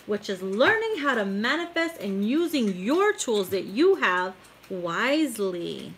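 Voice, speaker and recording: A woman's voice: medium pitch, sing-song, a little slow, fairly bright tone. Chatty woman tarot reader, giggly, swears freely, slight background hiss. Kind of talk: casual live tarot reading. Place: home tarot room.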